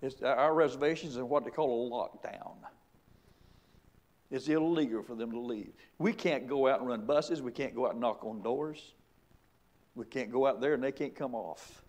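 A middle-aged man preaches a sermon from the pulpit. He drives his points with repeated rhetorical questions and emphatic restarts. His voice sits at an ordinary middle pitch. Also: moderate pace, darkish tone. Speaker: pastor.

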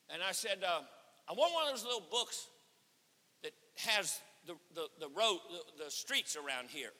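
A man preaching at a conference, telling a story with acted-out dialogue and rising to shouts. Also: high voice, a little slow, long pauses. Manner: animated, acts out dialogue, swells to shouting. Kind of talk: sermon storytelling. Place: church or conference hall. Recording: reverberant hall.

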